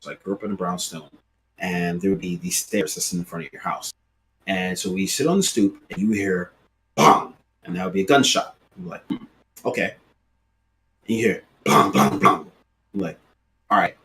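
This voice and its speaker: A man in his late thirties from Brooklyn with a New York accent, chatting casually on a podcast and telling animated street stories. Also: low-pitched, slight background noise. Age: late 30s. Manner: storytelling, animated, swears casually. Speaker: podcast co-host.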